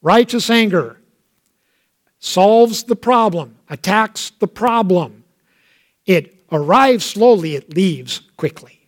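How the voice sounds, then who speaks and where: A man preaching a sermon in a light, high voice. He talks casually, like he's chatting with the congregation, and slips into dramatic voices when he quotes someone. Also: expressive, takes it slowly. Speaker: pastor.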